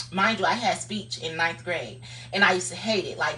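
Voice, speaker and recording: A woman's voice: medium pitch, normal speed, fairly bright tone, distant mic, a little hiss or hum. A woman streaming live, giving a blunt, profane motivational talk in a casual, preachy way.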